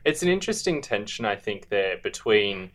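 A man co-hosting a book-discussion podcast, speaking in a measured, thoughtful and halting way. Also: on the low side, big pitch swings, a bit bright. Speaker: podcast co-host.

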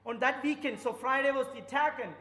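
A man's voice: extremely high pitch, quick pace, pushed and bright. A man with an Indian accent who is studying for the priesthood, preaching a sermon through stories that rise to fervent emphasis. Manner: storytelling, rising to fervent emphasis. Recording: echoey church with long reverb.

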